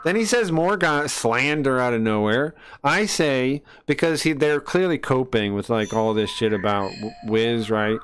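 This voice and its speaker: A man's voice: mid-range voice, measured pace, few pauses, a little hiss or hum. A man streaming a game while ranting casually and indignantly, swearing often and laughing mid-sentence. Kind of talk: casual rant while gaming.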